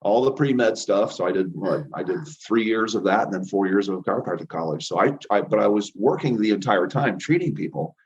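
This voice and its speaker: Middle-aged male guest, anecdotal and rambling, fairly low voice, dull lo-fi recording. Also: lively intonation, a little fast, few pauses. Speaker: interview guest, chiropractor and healer. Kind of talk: casual storytelling interview. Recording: dull lo-fi audio.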